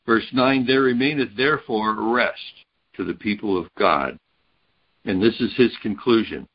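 A man's voice: fairly low pitch, breathy edge, muffled recording. A man teaching a Bible study, reading verses aloud and explaining them point by point. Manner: reads scripture aloud, then explains it step by step.

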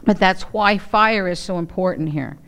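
A woman teaching from the Bible with a smooth, clear voice. She reads the passage aloud and then explains it to her listeners in plain, chatty asides. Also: mid-range voice, normal speed. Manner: expressive, acts out quoted voices. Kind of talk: Bible teaching with scripture reading.

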